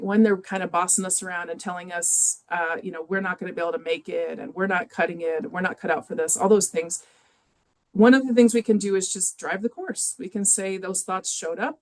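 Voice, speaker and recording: A woman's voice: fairly low pitch, fairly even intonation, fairly quick. A woman presenting an educational webinar on caregiver stress, speaking conversationally with frequent fillers and restarts. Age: adult with children in youth sports.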